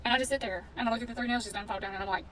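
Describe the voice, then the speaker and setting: Woman, storytime vlogger, fired-up and blunt, slightly high voice, caught from off-mic with faint noise behind. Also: steady tone, rapid-fire, a bit bright, recorded from a distance, rough recording. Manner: indignant, blunt, swearing storyteller. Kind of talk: casual storytime vlog.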